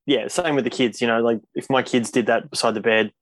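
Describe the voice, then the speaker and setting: A man's voice: medium pitch, steady tone, a little fast, dry recording. A man guesting on a podcast, chatting casually about films and building his points loosely. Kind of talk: casual film discussion.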